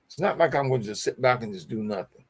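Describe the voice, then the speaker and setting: Gravelly-voiced man hosting a motivational show. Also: mid-range voice, expressive, fast. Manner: preachy, repeats phrases, addresses audience as y'all. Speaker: show host. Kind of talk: motivational talk show sign-off.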